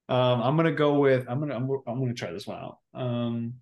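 A man's voice: mid-range voice, a little mellow. A man co-hosting a casual podcast, reading trivia questions aloud and hesitating often with fillers. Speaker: podcast co-host.

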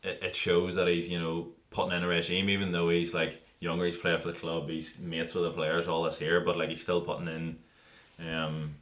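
A man's voice: deep voice, monotone, normal speed, a bit bright. A man co-hosting a casual football podcast, chatty and full of "like" and "um". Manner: chatty, filler-heavy, saying "like" and "um". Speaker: podcast co-host.

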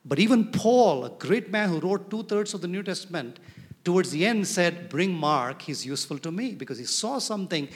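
A man preaching a sermon as pastor, animated and often asking his congregation questions. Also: high-pitched, moderate pace. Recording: reverberant hall.

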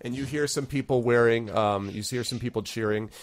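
A man's voice: medium pitch, a little fast, dry recording. Man narrating as game master. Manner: loose narration with many fillers.

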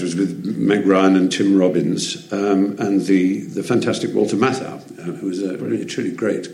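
English man, low voice, articulate, theatrical anecdotes, echoey room. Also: creaky, a little mellow. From England. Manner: articulate, theatrical storyteller, plenty of ums. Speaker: guest. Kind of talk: anecdotal interview chat. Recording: roomy echo.

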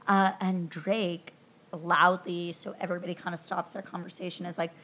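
A woman hosting a podcast, recounting a film scene by scene in a chatty, animated way, full of ums and likes. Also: on the low side, normal speed. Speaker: podcast host recapping a film. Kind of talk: casual recap narration.

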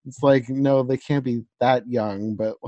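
A woman's voice: very deep voice, steady tone, measured pace, warm tone, dry recording, muffled recording. A young woman co-hosting a podcast, chatting casually about a movie in a rambling way, full of "like" and small laughs. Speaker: podcast co-host. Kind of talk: casual chat reviewing a movie.

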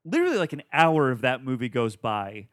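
A man co-hosting a casual movie podcast, thinking aloud and restarting phrases as he works out his point. His pitch is moderate, neither high nor low. The sound is dry and close to the mic. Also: big pitch swings, brisk, no echo. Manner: thoughtful, searching for words, eager agreement.

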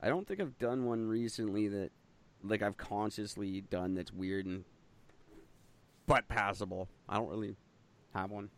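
A man's voice: on the low side, a little slow, long pauses. A man co-hosting a podcast, bantering crudely with lots of swearing and jokes. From Canada. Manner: animated, swearing, jokey. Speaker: podcast co-host.

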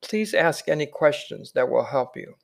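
Man reading as tired old mentor, slow sighing delivery, slightly raised tone, audiobook character. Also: a little high, expressive, creaky. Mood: patient. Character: weary old male keeper of memories.

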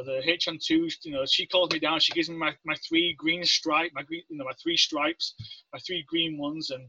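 A fairly high-pitched man with an English accent, from Leeds, England, appears as a guest in a casual interview. A Navy veteran, he tells stories animatedly and acts out the voices he quotes, on a dry, dull lo-fi recording.

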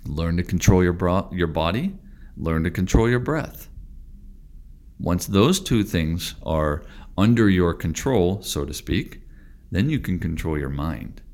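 A man teaching Tai Chi in a calm, deliberate monologue, slowing and stretching his words for emphasis. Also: sits low.

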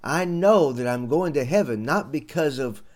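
A man's voice: a little high, animated, normal speed, a little mellow. A man hosting a radio sermon, earnest and folksy, calling his listeners friends. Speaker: radio preacher and podcast host.

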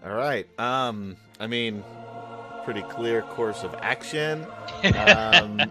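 A man playing a tabletop game, calling out his dice rolls in a casual, unhurried way. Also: medium pitch. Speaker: player. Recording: clear music behind the voice.

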